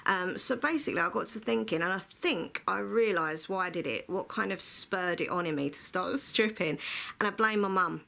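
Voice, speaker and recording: A woman's voice: on the low side, expressive, moderate pace, gravelly, bright, forceful tone. A woman telling a rambling, chatty storytime to her vlog audience, full of filler words. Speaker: vlogger. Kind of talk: casual storytime monologue.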